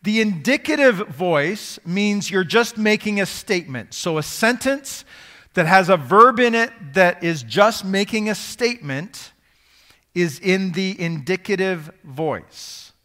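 A man's voice: high voice, animated, unhurried, pushed and bright, big-room sound. A man preaching a sermon to a live congregation, teaching in a conversational way and quizzing the audience.

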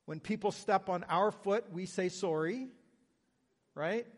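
A man's voice: sits high, measured pace, big-room sound. A Canadian man with a Canadian accent, preaching a sermon in an earnest, conversational way with self-deprecating humor. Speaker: pastor.

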